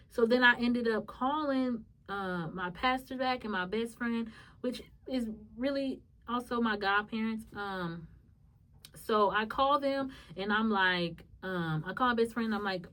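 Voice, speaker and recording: A woman hosting a podcast, telling a personal story in a halting, emotional way with many restarts. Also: mid-range voice, a bit bright, recorded from a distance, low-quality recording. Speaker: podcast host.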